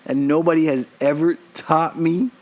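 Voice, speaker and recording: Profane, animated man telling stories. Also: a little high, moderate pace. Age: 30s. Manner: profane, animated, laughing often. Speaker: podcast host. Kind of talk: casual storytelling monologue.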